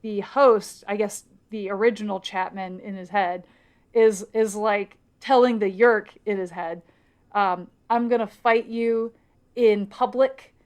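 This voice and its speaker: A woman co-hosting a casual podcast, retelling a book's plot and slipping into quick quoted voices. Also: mid-range voice, fairly even intonation. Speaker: podcast co-host. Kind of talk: casual book recap chat.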